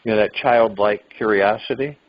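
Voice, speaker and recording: On a spiritual meditation call, the host, a man whose voice sits on the low side, speaks at a moderate pace in a rambling, musing way. Occasionally his voice jumps up as he acts out what people might say, all heard through dull, lo-fi phone audio.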